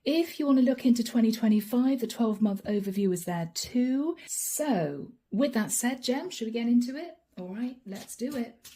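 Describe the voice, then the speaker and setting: A woman's voice: a little high, lively intonation, moderate pace, warm tone. A woman giving a chatty channeled tarot reading to camera, laughing often and voicing her listeners' inner thoughts. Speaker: tarot reader.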